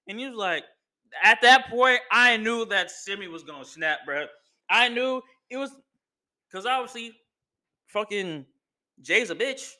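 A man hosting a podcast, giving a casual, profane, slang-filled and excitable recap of a wrestling match. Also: sits high. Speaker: podcast host.

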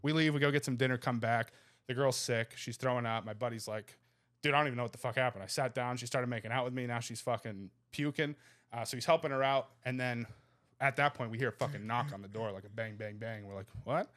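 A man's voice: mid-range voice, steady tone, a bit bright. Comedian guest, 30s, male, swears constantly, races through the anecdote. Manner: rapid, profane, laughing anecdotes. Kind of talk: casual storytelling.

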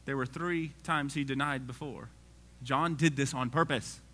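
A man's voice: medium pitch, fairly even intonation, normal speed, sharp tone. A man preaching a casual sermon, reading scripture aloud and joking with the congregation.

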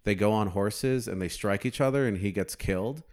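A man's voice: fairly low pitch, normal speed, a little mellow. A young man telling a rambling history story in casual chat, swearing freely.

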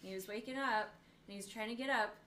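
A young woman co-hosting a podcast, chatting casually and telling stories in an animated way. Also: fairly high pitch, quick pace, slight background noise. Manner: animated storyteller, acts out quotes. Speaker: podcast co-host. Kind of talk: casual chat, storytelling.

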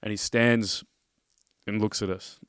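A man's voice: lowish voice, a little slow, clear, resonant tone, no room sound, clean studio sound. An Australian man co-hosting a podcast, telling stories in casual chat and acting out the people in them. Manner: animated storyteller acting out quotes. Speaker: podcast co-host.

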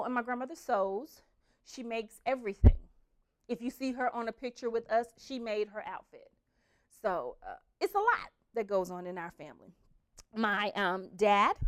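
An animated young woman swings her voice up and down as she tells family stories. She swears freely and slips into her relatives' voices along the way. Casual, storytelling delivery. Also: medium pitch. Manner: profane, animated, acts out family members' voices.

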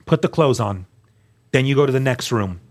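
A man, a guest on the show, telling his personal testimony in an earnest, emphatic way, dropping to a hushed voice at key moments. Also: medium pitch, lively intonation, normal speed.

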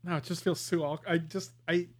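A man co-hosting a podcast in casual chat, animated and emphatic. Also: a little high, a little fast. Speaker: podcast co-host.

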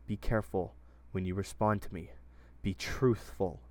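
A man voicing a stern young man who is urgent and reassuring at times and low and intimidating at others, in a read story. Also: fairly even intonation, moderate pace, lightly acted. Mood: menacing. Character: stern young man, protective then menacing.

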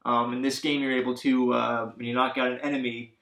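A man's voice: medium pitch, flat delivery, a little fast, creaky, a bit bright. A man in casual podcast chat, rambling with lots of fillers as he recaps a video game plot. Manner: rambling, many fillers, acts out characters' lines. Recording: echoey room.

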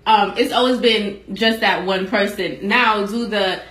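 A woman co-hosting a podcast, talking through her views in a measured, reflective way in casual chat. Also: mid-range voice, steady tone, a bit bright. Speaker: podcast co-host. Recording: echoey room.

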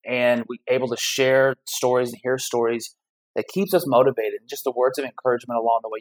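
A man's voice: medium pitch, fairly even intonation, fast, low-quality recording. Upbeat casual man on a podcast. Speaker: guest, foundation founder. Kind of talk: podcast interview conversation.

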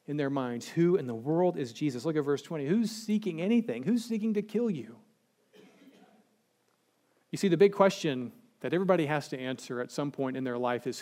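A male pastor preaching a sermon, animated, dropping to slow and hushed when he quotes scripture. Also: medium pitch.

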